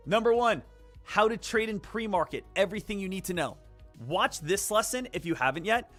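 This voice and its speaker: A man chats loosely through a live day trading stream, wandering through fillers and asides. His voice sits a little high and comes across bright and forceful. Faint music plays underneath. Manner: rambling, animated, many fillers. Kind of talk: casual live-stream chat.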